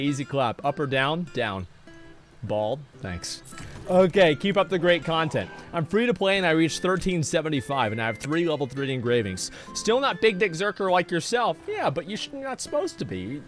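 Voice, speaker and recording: A man's voice: fairly high pitch, very animated, brisk, faint music behind. A man streaming live, chatting casually and reading chat messages in a sarcastic, profane, rambling way.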